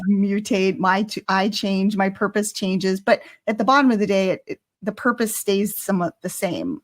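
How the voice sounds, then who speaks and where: A woman hosting a podcast, talking in a heartfelt, rambling way with many restarts. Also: mid-range voice. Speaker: podcast host. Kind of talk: casual conversation.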